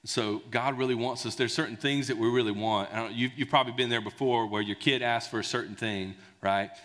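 A man preaching a sermon in a conversational, animated storytelling way. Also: medium pitch, brisk. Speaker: pastor. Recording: long hall reverb.

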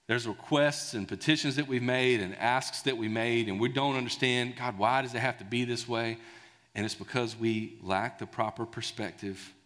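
A man preaching a sermon in a conversational, animated storytelling way. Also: medium pitch, moderate pace. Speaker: pastor. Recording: long hall reverb.

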